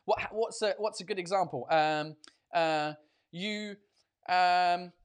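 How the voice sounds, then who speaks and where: A man hosting a casual chat with viewers, switching between English and French, animated and swearing freely, with many fillers and restarts. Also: high-pitched, slow pace, clean tone. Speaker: host.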